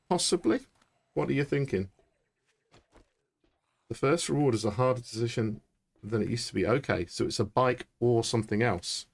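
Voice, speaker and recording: A man, chatting excitably and thinking aloud during live gameplay commentary. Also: fairly low pitch. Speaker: streamer.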